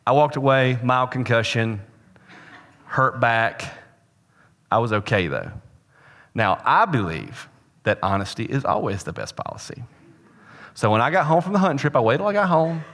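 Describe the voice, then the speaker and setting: A man preaching a sermon as a pastor, telling a story with humor and swinging between loud and hushed delivery. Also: mid-range voice, big pitch swings, moderate pace, big-room sound. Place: church sanctuary.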